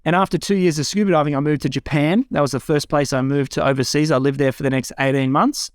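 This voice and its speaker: A man's voice: on the high side, fast talker, no echo, clean studio sound. A man, a guest telling his life story in a frank, earnest way. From Australia. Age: 40s. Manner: earnest, frank storytelling that lifts into excited self-quotes. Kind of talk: personal life story told in conversation. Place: home room with a bookshelf.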